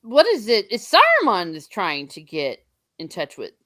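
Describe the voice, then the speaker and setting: A woman's voice: mid-range voice, wildly swooping pitch, moderate pace, bright, forceful tone, no echo. Chatty woman host, casual book talk, dry close sound. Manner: chatty, lots of likes and laughs. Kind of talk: casual book chat, reading chat aloud.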